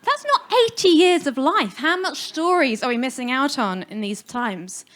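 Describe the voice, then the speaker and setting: A woman's voice: sits high, lively intonation, normal speed, fairly bright tone. Brief: woman, funeral celebrant, speaking frankly and with humor at a live talk on stage. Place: live music venue stage.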